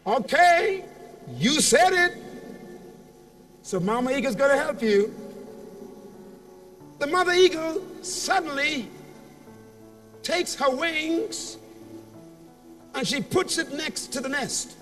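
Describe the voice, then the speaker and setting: A man with a strikingly high voice delivers a motivational speech in a large convention hall, drawing each word out slowly. He tells his story with dramatic build-ups and calls for the crowd to answer back. The mic sits at a distance, and faint music plays beneath him. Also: lively intonation, fairly bright tone. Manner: dramatic storytelling with call-and-response. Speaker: motivational speaker.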